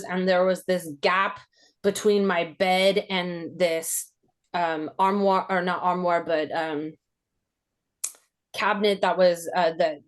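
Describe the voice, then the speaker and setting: A woman speaking slowly and thoughtfully, piecing together a childhood memory in a podcast interview. Her speech is halting and full of "like" fillers, and she lifts into strong emotion as tense moments come back to her. Her pitch sits in an ordinary middle range. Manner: reflective and halting, with many "like" fillers. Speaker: podcast host. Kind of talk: personal recollection in a podcast interview.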